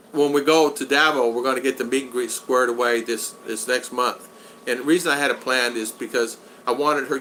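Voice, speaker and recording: Bright-voiced older man chatting on a live stream. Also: medium pitch, slight background noise, low-quality recording. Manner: rambling, chatty, greets viewers by name. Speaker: vlog host reading live chat. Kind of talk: casual live-stream chat.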